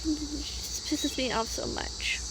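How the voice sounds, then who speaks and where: A woman's voice: sits high, slow, very noisy. A young woman vlogger venting in a casual, rambling monologue, upset and swearing freely.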